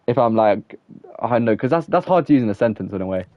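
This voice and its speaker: A young male gaming streamer rambles on in loose, casual chat, stringing thoughts together with "like" and chuckling as he goes. His voice sits at an ordinary male pitch. The sound is dry and a little dull, like a modest home mic with no room around it. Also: expressive, fast, no room sound. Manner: rambling and chatty, full of "like", laughs often. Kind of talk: casual live-stream chat while playing.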